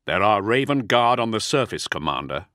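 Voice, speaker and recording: A hard, commanding lord snaps out his orders in a low, dry voice with plenty of rise and fall, as a male narrator puts him on. Each command lands clipped and forceful. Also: sing-song, normal speed, no echo. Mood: stern.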